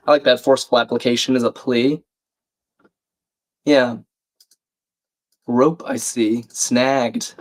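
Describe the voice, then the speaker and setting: Man, croaky, under the weather, chatty stream host reading out chat, mid-pitched. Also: level tone, measured pace, long pauses. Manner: chatty, reads chat aloud, self-deprecating. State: croaky, a bit sick. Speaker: livestream crossword host. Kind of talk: casual live-stream chat.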